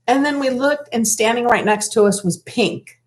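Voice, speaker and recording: A woman co-hosting a relaxed live stream chat. Her voice sits fairly high, and she tells stories with plenty of animation, playing out what people said. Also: normal speed. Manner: animated storyteller, acts out quotes loudly. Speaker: co-host. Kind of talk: casual chat.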